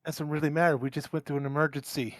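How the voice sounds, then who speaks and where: A man's voice: fairly high pitch, flat delivery, fast talker, dry recording. Man urging action in a tabletop game. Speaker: player. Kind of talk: casual tabletop role-play.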